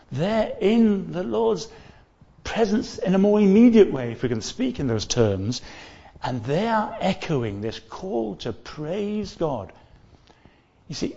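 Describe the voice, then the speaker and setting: A man's voice: a little high, darkish tone. Earnest male preacher, lo-fi recording. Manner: earnest, repeats and restarts phrases, stresses key words. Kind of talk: sermon.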